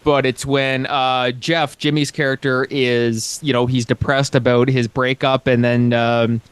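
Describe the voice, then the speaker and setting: Excitable man hosting, dry close sound. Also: medium pitch, unhurried, clean tone, no echo. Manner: excitable, rambling, swears and laughs loudly. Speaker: podcast host. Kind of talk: casual podcast interview.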